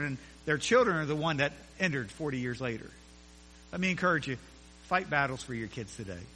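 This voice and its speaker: A man preaching a sermon with emphatic, repetitive phrasing, swinging between loud declarations and hushed asides. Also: a little high, long reverb tail, slight background noise, poor audio.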